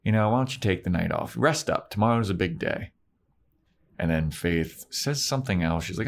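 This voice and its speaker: A man co-hosting a TV recap podcast, chatting casually and acting out scenes in quick put-on voices, swearing freely. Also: deep voice, animated, creaky. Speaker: podcast co-host.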